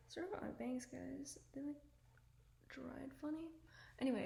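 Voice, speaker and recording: A woman's voice: a little high, sing-song, unhurried, gravelly. A woman giving self-improvement advice to camera at home, talking casually and earnestly, with lots of "like" and "um". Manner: earnest and chatty, full of "like" and "um". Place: at home indoors. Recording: echoey room with faint ambient noise.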